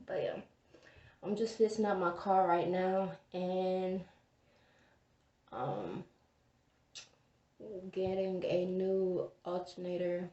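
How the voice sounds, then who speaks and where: Young female vlogger, unhurried and low-pitched, rambling and tired, a little far from the mic. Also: warm tone, dry recording, dull audio. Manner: rambling, many fillers, stressed and tired. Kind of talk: casual vlog talk to camera.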